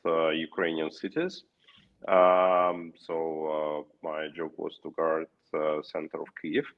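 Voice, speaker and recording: A man with a Russian accent, speaking English haltingly as a guest on a remote video call, with many fillers and restarts. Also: very deep voice, fairly even intonation. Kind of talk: remote interview answers. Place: Kyiv. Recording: muffled lo-fi call audio.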